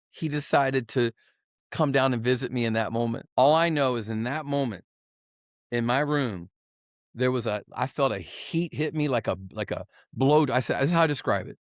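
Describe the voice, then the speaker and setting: A man's voice: mid-range voice, no room sound. Guy on a podcast sharing his story, emotional and earnest, keeps restarting, mid voice, dry close sound. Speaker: podcast guest. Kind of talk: personal testimony.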